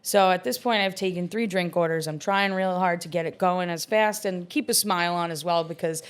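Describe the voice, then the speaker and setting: A woman in her thirties with a slightly low voice tells bar stories casually. She rambles in a chatty way, leaning on "like" and "um" and laughing as she goes. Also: brisk, clean tone. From Long Island, New York. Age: 30s. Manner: chatty, many "like" and "um" fillers, laughs often. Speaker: bartender guest. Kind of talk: casual storytelling in an interview.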